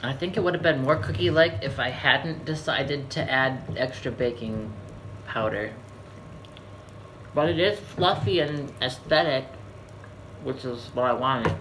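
Deadpan man chatting in a noisy kitchen. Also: medium pitch, measured pace. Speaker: channel host. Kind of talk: casual chat while baking. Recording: noisy home recording.

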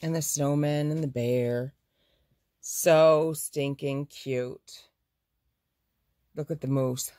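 A woman's voice: sits low, steady tone, very slow, long pauses, dark tone, dry recording, clean studio sound. A woman who owns a fabric shop, chatting through a casual live showcase of her fabrics. She gushes over the prints and corrects herself mid-sentence.

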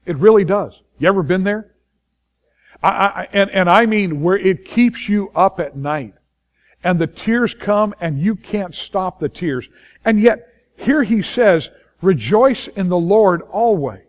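A male pastor preaches with a fairly high, ringing voice. He leans hard on key phrases and repeats them for weight. Now and then he slips into the voices of anxious people talking to themselves. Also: animated, measured pace. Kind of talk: sermon.

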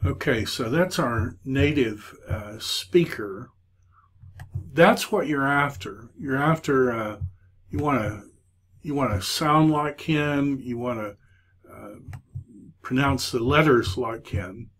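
A man teaches a Hebrew lesson at an unhurried, measured pace. He stops often to hunt for words, with a voice pitched in the ordinary middle range. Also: a bit bright. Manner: hesitant, many filler pauses. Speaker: Hebrew instructor. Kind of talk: recorded lecture.

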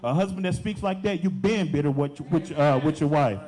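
A man's voice: on the high side, fairly quick, darkish tone. A young adult man, a deacon, preaching a sermon with emphatic, repeated phrases.

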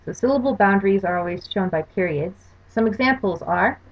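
A woman's voice: medium pitch, animated, a little fast. Woman teaching a slide lecture, careful explaining, kinda muffled lo-fi audio. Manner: explanatory, careful spelling-out of examples. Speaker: language course lecturer. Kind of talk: recorded lecture over slides. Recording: dull lo-fi recording.

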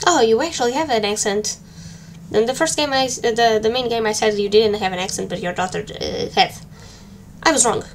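Girl chatting thru a game, kinda high voice, jokey, typing faintly behind. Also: fairly quick, slight background noise. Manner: joking, chatty, flustered muttering. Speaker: game streamer. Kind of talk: casual let's-play commentary.

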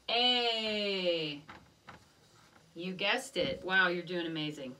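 A woman teaching a music lesson to young children, gently encouraging and chanting rhythm syllables in a sing-song voice. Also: mid-range voice, lively intonation, takes it slowly, pauses often, far from the mic.

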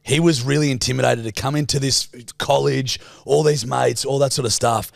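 A man's voice: mid-range voice, steady tone, moderate pace, vocal fry, no echo, clean studio sound. A man hosting a podcast, chatting casually with crude, teasing humor and frequent laughter. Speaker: podcast host.

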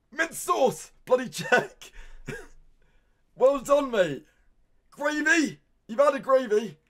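Excitable British streamer, high lively voice. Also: male voice. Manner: excitable, loud outbursts, says "mate" constantly. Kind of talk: live-stream reaction commentary.

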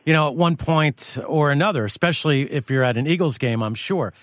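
A man's voice: on the high side, fairly quick, dry recording, clean studio sound. Playful, teasing male radio host. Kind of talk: joking radio interview.

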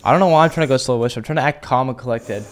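A young man talks through a tense online shooter match in a mid-pitched voice. He is excitable and swears freely, switching from muttered asides to rapid shouted callouts. Faint gunfire sounds sit behind him. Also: background noise. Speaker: gaming streamer. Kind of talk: casual gameplay commentary.

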